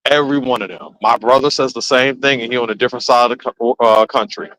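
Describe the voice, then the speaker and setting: A man hosting a casual chat, telling stories with animated swings into quoted voices. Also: medium pitch, quick pace, low-quality recording. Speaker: host.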